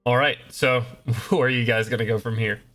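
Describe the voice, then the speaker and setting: Bright-voiced man running a tabletop game. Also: mid-range voice, steady tone, moderate pace. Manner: rambling, many fillers and restarts. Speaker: game master. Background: faint battle music.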